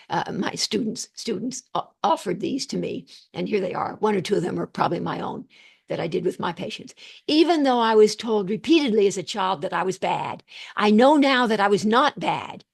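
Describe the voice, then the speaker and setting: An older woman psychotherapist giving an animated, digressive lecture over a video call. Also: mid-range voice, vocal fry, slightly rough. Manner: animated, digressive, laughs at own jokes. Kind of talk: online lecture.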